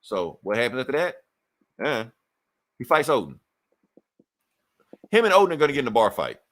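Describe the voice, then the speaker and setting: A man on a podcast casually retelling a comic book story, animated and profane, acting out the characters' lines as he goes. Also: medium pitch, normal speed. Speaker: podcast co-host.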